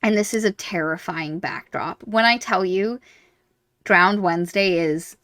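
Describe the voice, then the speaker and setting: A woman co-hosting a podcast, chatting casually about a book series, animated, acting out reactions and swearing freely. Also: lowish voice, measured pace, no echo. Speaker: podcast co-host.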